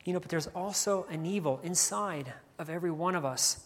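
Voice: medium pitch, brisk, long reverb tail, slight background noise. A preacher giving a morning sermon from a church stage, filling nearly every phrase with "you know" and repeating key lines for emphasis.

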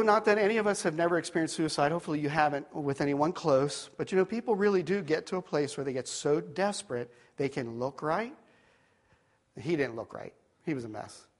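Higher-pitched man telling a rambling story. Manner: rambling storyteller, drops to quiet tones for serious moments. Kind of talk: personal story in a sermon.

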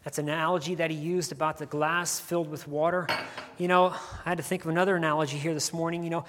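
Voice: mid-range voice, little pitch movement, fast, big-room sound, noisy background. A preacher giving a morning sermon from a church stage, filling nearly every phrase with "you know" and repeating key lines for emphasis.

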